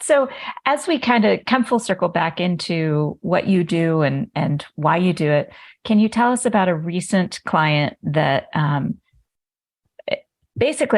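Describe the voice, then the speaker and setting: A woman hosting a podcast, talking in a candid, relaxed way. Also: low-pitched, no room sound. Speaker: podcast host. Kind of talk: casual conversation.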